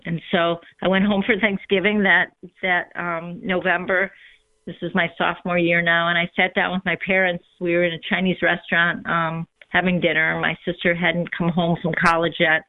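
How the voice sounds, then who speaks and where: Woman telling her faith story slow and thoughtful, lots of ums, kinda monotone, sounds like a phone call. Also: fairly low pitch, no echo. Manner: reflective, unhurried, with frequent ums. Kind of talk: personal testimony in conversation. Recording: tinny phone line.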